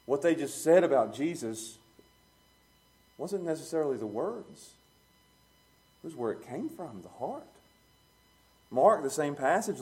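A man preaching a sermon, plain-spoken and chuckling, swinging from quiet low musing to loud emphatic peaks. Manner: plain-spoken, uses street talk and chuckles.

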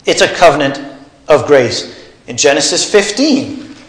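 A man's voice: fairly high pitch, lively intonation, measured pace, a bit bright, roomy sound, rough recording. A man preaching a teaching sermon, putting questions to his congregation. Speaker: pastor. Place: church.

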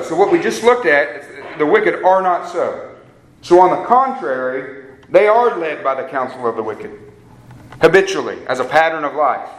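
A man's voice: a little high, fairly bright tone, slight background noise. A man preaching a sermon to a live group in an earnest way, repeating phrases for emphasis and calling his listeners guys. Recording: echoey room with faint ambience.

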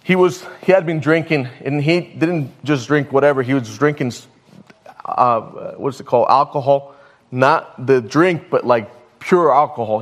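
A man preaching a sermon, telling a story and stumbling over his words now and then. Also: on the high side. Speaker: pastor.

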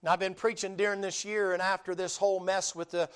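A man preaching a sermon, telling the story in a lively, colloquial way and acting out the people he quotes. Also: sits high, quick pace, clear, resonant tone. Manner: animated storytelling with colloquial drawl, dramatic quoted voices, laughs.

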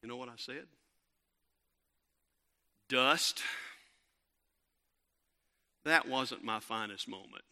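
A middle-aged man, preaching a sermon and telling a lively family story with many fillers and restarts. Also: mid-range voice, brisk, hardly any pauses. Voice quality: bright, animated storytelling with frequent fillers and restarts.

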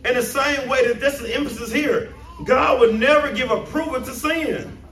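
A man preaches in a high voice, rising into emphatic bursts and firing questions at his congregation. His sermon rings around an echoey church room, picked up from a little way off the mic. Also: normal speed, a bit bright. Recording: roomy echo, mic at a distance.

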